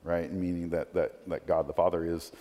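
A man's voice: low-pitched, level tone, moderate pace, mellow. Conversational male preacher in a reverberant hall. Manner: conversational, tag questions, frequent restarts. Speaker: pastor. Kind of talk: sermon.

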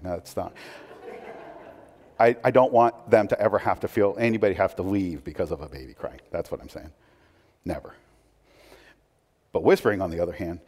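A man's voice: mid-range voice, a little mellow. A man preaching a casual, conversational sermon from the pulpit, chatty and self-deprecating, with frequent fillers and restarts. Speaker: pastor. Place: church sanctuary. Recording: long reverb of a church hall.

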